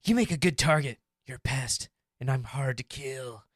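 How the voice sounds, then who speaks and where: A man's voice: medium pitch, moderate pace, no room sound, studio quality, close to an everyday voice. A man voicing a self-important martial-arts action star who bosses a co-star around. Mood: menacing.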